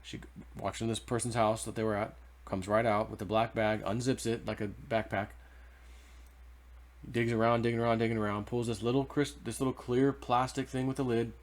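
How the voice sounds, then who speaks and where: A man's voice: mid-range voice, little pitch movement, normal speed. A man casually telling a personal story to his viewers, rambling with restarts and asides. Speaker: vlogger.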